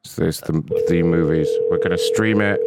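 A man's voice: deep voice, normal speed, very noisy. A man hosting a prank call show, talking in crude, mocking, rambling banter. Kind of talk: casual profane banter.

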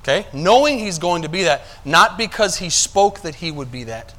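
A male pastor preaching a sermon, checking that the congregation is following and moving between quiet asides and loud, emphatic stretches. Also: high-pitched, sing-song, moderate pace.

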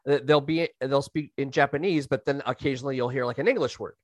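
A man co-hosting a podcast in casual chat, relaxed and curious, reacting quickly. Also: mid-range voice, no echo. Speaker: podcast co-host.

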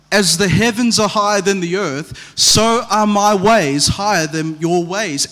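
A pastor delivers a sermon in a high voice, telling stories in a lively way and slipping in humorous asides. His words carry a long reverb through the church hall.

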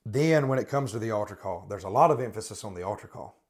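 A man's voice: lowish voice, expressive, quick pace. A man hosting a podcast, giving critical religious commentary and hammering the same rhetorical questions while often restarting his sentences. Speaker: podcast host.

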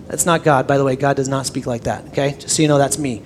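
Animated high-voiced young male preacher. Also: quick pace, slight background noise. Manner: animated, swinging between loud emphasis and hushed near-whispers. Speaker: pastor. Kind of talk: sermon.

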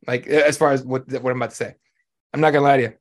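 A man's voice: mid-range voice, fairly even intonation, very fast. A man hosting a sports podcast in casual chat, blunt and profane, ranting with lots of animation. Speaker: podcast host.

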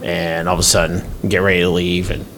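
With a deep voice and a brisk delivery, a male podcast co-host narrates stories in a relaxed conversation, dramatizing people's words as he goes. A little background noise can be heard.

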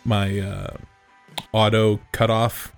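A man's voice: lowish voice, level tone, slow pace, vocal fry, faint music behind. Joking male podcast co-host. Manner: joking, teasing banter. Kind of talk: casual chat.

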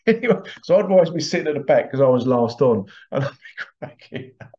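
A man's voice: medium pitch, expressive, brisk, warm tone. A man hosts a show and tells anecdotes in a loose, chatty way. He often cracks up laughing as he talks, and his voice sits in an ordinary middle register. The recording is a bit dull and lo-fi. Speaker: host. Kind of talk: casual anecdotal storytelling.

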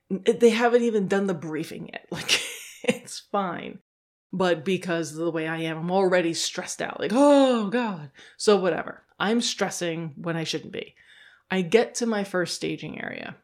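A woman hosting a podcast, telling a casual self-deprecating story, laughing often and acting out quoted reactions in a jumped-up voice. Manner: self-deprecating, laughs often, acts out her own thoughts; animated, jumps into high voice for quoted reactions. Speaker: podcast host.

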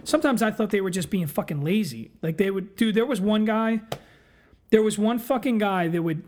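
A man with a notably high voice for his sex rattles off a rowdy work story on a podcast. He swears freely and talks with excitable, casual energy. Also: fairly quick. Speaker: guest telling work stories.

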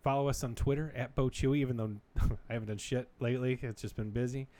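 A man in his thirties co-hosting a casual podcast, telling stories with animated energy and frequent laughs. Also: mid-range voice, fast. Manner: animated storyteller, laughs often. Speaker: podcast co-host. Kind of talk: casual chat.

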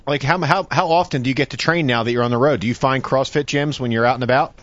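A man's voice: medium pitch, fast. A male host of a fishing talk show, joking loosely and calling people "dude". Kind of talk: casual radio chat. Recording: slightly dull audio.

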